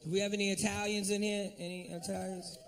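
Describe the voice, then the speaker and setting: A male stand-up comic works the crowd in a profane, animated routine. His voice is high and gravelly. It sounds a little distant from the microphone. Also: fast. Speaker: stand-up comedian. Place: comedy club stage.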